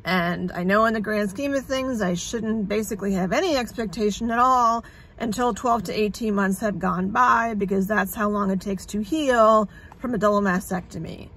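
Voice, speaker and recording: A woman's voice: mid-range voice, normal speed, fairly bright tone, slight background noise. A woman talking candidly in a casual vlog, sarcastic and frazzled, rambling and swearing freely. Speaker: vlogger sharing her illness journey.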